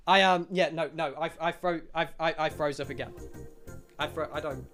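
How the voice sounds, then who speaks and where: A young British man on a livestream, telling a story in an excitable, self-mocking way, with plenty of swearing. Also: fairly high pitch, vocal fry. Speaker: streamer. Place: home streaming room.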